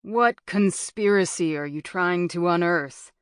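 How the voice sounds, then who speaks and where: A woman's voice: fairly low pitch, a little slow, clear, resonant tone, no room sound, studio quality, lightly acted. A woman narrator voicing a wary, hesitant male journalism teacher.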